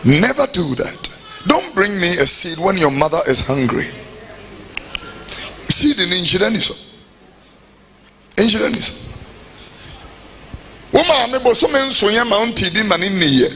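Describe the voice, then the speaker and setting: Man preaching, bright and very animated, slight noise. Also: high voice, unhurried, pauses often. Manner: lively, shouts and sings phrases. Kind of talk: preaching clip.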